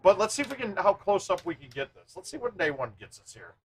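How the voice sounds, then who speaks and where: A man hosting a live stream, chatting casually with viewers and thinking out loud as he plays a golf game. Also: high voice, very animated, quick pace, noisy background.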